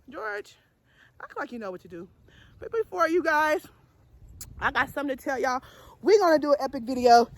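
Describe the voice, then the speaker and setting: A woman talks to camera from her backyard in a very high, bouncing voice. She is loud and playful, half singing her words and scolding her pet chicken. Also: lively intonation, moderate pace. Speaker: vlogger. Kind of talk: casual vlog talking to camera. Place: backyard outdoors.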